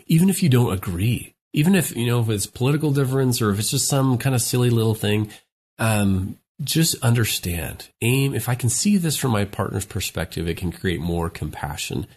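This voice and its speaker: Husky earnest man giving relationship advice. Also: on the low side, darkish tone. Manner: earnest, advice-giving, acts out quoted lines. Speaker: podcast co-host, relationship expert. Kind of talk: casual podcast discussion.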